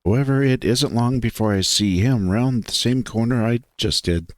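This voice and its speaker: A man's voice: mid-range voice, normal speed, no room sound, clean studio sound. A man narrating a visual novel in the first person. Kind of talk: dramatic visual novel reading.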